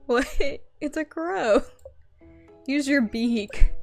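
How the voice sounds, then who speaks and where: Chill young woman chatting over a cozy game, slow and playful, kinda high pitched. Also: animated, faint music behind. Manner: playful, self-deprecating. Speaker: streamer. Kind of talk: casual game commentary.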